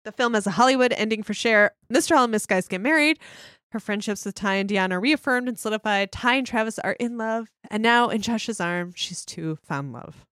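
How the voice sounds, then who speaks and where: A woman's voice: mid-range voice, brisk, a bit bright, no room sound, studio quality. A young woman co-hosting a casual podcast, laughing often as she recaps a movie plot and reads a summary aloud. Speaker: podcast co-host. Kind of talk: casual chat recapping a film.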